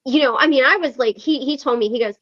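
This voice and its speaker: The sound is lo-fi as a woman with a high-sitting voice speaks quickly, hosting a recovery meeting online. She tells a casual story with plenty of fillers, animatedly performing every quoted line.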